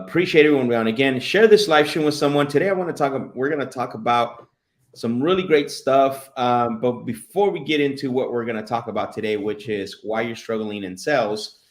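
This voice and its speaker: On a live streamed show, a male host with a lowish voice chats casually and with lots of energy. He calls out shout-outs and fills his talk with plenty of fillers.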